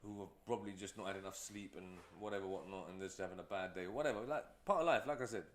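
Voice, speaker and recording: A man's voice: sits low, fast, reverberant, slight background noise. A man who is a guest entrepreneur, telling stories in a casual, rambling way with many fillers. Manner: rambling, storytelling, frequent fillers. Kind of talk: casual interview talk.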